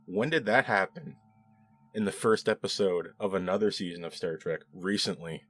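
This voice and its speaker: Man, lowish voice, casual episode review, chatty, sarcastic asides, mock-quoting lines. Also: normal speed, a bit bright, soft background music. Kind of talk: casual solo review commentary.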